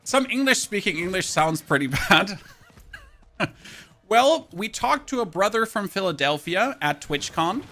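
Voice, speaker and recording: German guy streaming a game, kinda high bright voice, rambles and repeats himself a lot. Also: big pitch swings, measured pace. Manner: rambling, repeats words and restarts often; reads out and thanks chat subscribers. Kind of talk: casual live-stream chat while gaming.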